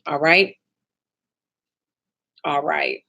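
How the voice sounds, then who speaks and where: A woman with a somewhat low voice leads a live online training for sales agents. She is upbeat and motivational, and she talks straight to her trainees. She keeps checking in with quick "okay?" and "right?" prompts. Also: big pitch swings, bright, forceful tone.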